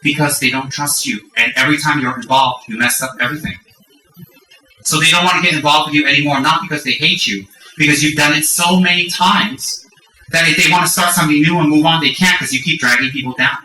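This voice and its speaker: Candid, animated man giving a Dharma talk. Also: fairly high pitch, fast, recorded from a distance. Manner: candid, animated, self-mocking storytelling. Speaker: Buddhist teacher. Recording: roomy echo from off-mic.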